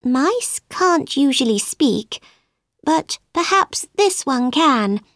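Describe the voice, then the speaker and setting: A woman's voice: high-pitched, animated, takes it slowly, fairly bright tone, dry recording, studio quality, voice pushed up, exaggerated voice. A woman voicing a polite, chattering young girl. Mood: musing. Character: polite, curious young girl, shrunk tiny. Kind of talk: storybook reading.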